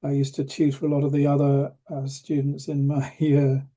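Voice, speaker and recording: A man's voice: mid-range voice, monotone, moderate pace, dark tone. An older man from England, telling a story as an interview guest, hesitant with many restarts and a dry humor. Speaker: interview guest, retired professor of rheumatology. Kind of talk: reflective storytelling.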